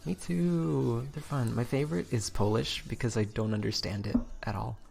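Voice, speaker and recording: A man's voice: on the low side, a little fast, vocal fry, darkish tone, faint music behind. A man streaming live as a game developer, chatting casually in a rambling way with a slightly stiff throat. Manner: rambling, self-interrupting, reads docs aloud.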